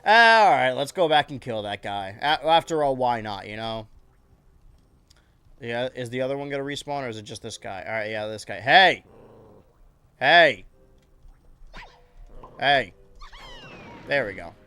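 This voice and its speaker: A man chats through a gameplay stream in a loose, joking way, his pitch leaping up and down as he reacts. Soft game music plays quietly under his voice. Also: a little fast, clear, resonant tone, no room sound. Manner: joking, animated, talking to chat while playing. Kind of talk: casual gameplay commentary.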